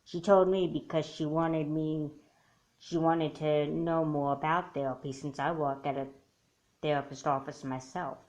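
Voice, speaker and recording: A woman doing a low, soothing mom. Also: steady tone, unhurried, low-quality recording. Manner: gentle, reassuring. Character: soothing mother of a girl. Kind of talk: doll movie voice acting.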